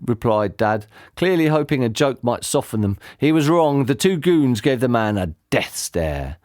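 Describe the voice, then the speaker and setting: A man reading a children's book aloud as an audiobook narrator, with expressive delivery. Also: medium pitch, normal speed, few pauses, no echo, clean studio sound. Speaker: audiobook reader. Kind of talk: storybook narration.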